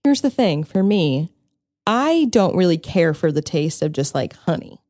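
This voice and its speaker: A woman co-hosting a podcast in relaxed, casual chat, joking and firing off curious questions. Her pitch moves a lot. The recording sounds dry and close. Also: unhurried, no room sound. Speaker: podcast co-host.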